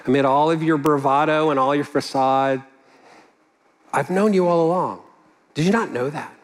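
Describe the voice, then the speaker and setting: Give me a compassionate male teacher, put on by a man asking tender questions in a slightly high voice. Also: normal speed, big-room sound, close to an everyday voice. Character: gentle, compassionate adult male teacher reassuring a friend.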